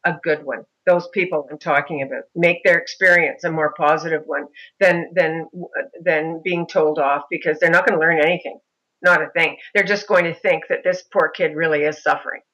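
A middle-aged mother recounts her experiences in an interview, animated and expressive, slipping into other people's voices. Her tone is bright and forceful, sitting a little low for a woman. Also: normal speed, poor audio. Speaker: mother of a son with a disability. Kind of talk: interview storytelling.

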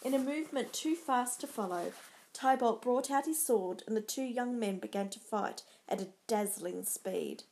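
A woman narrating a dramatic story in a measured storybook style. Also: fairly high pitch, a little mellow, slight background noise.

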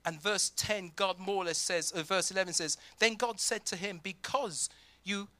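A pastor preaching a sermon, reading scripture aloud and acting out imagined prayers with plenty of pauses and fillers. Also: male voice, high-pitched, pushed and bright, no echo. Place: church.

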